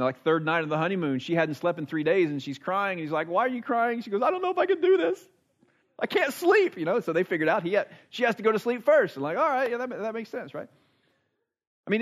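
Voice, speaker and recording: A man in his forties preaching a sermon in an earnest, conversational way, repeating phrases for emphasis. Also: fairly high pitch. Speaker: pastor. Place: church service.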